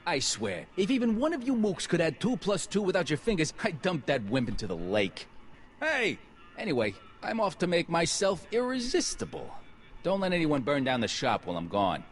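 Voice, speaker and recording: An actor playing a brash young gangster boss who barks threats and orders in a video game. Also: male voice, a little high, huge pitch swings, moderate pace. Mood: scornful.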